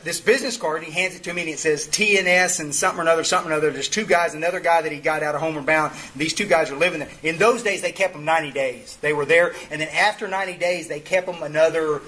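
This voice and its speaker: A man's voice: on the high side, racing, few pauses, sharp tone, poor audio. A man speaking at a twelve-step meeting, telling a story in an earthy, rambling way with many restarts. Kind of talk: folksy storytelling talk.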